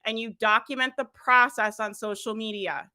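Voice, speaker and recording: Energetic woman coach, bright voice pitched a touch high, talks straight to her audience with frequent laughs. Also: normal speed. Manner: energetic, laughs often, addresses listeners directly. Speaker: business coach. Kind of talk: motivational coaching talk.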